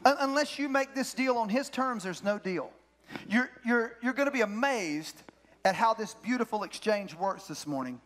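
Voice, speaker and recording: A man's voice: sits high, animated, moderate pace, a bit bright, slight background noise. A man, a pastor, preaching a sermon in church, telling a story with energy and repeating his key phrases for emphasis. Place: church sanctuary.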